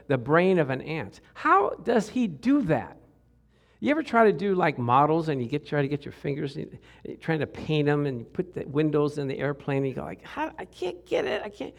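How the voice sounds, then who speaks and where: A man's voice: on the high side, creaky. Middle-aged male preacher, easygoing sermon voice, keeps asking the congregation questions. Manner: conversational, asks the crowd questions, jokes and laughs.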